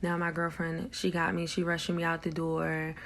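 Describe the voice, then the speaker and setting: Young woman, low gravelly voice; frank, swears often, gets loud when recounting shocks. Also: completely flat delivery, normal speed, slight background noise. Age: young adult. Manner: blunt, frank, swears freely. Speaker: vlogger sharing her story. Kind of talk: candid personal storytelling.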